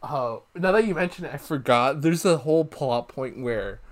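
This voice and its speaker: Animated young man reviewing a movie. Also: mid-range voice, moderate pace. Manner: animated, acts out quotes with laughs. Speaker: podcast co-host. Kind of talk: casual movie review chat.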